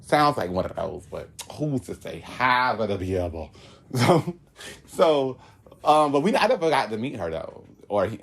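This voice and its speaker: A young man from Florida telling a long story in casual chat, animated, laughing often, with sudden high-pitched outbursts and slang-heavy speech. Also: moderate pace, creaky. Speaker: podcast guest telling a story.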